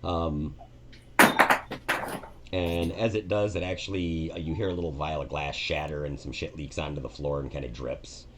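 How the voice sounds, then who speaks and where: Deep-voiced male game master, relaxed narration, faint noise. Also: moderate pace. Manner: relaxed, filler-heavy narration.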